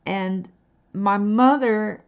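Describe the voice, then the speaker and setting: A woman's voice: mid-range voice, extremely slow, clean tone, lo-fi sound. A woman from Dallas with a mild Texan accent, chatting casually and hesitantly with many fillers while painting on a livestream. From Dallas, Texas. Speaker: livestreaming artist.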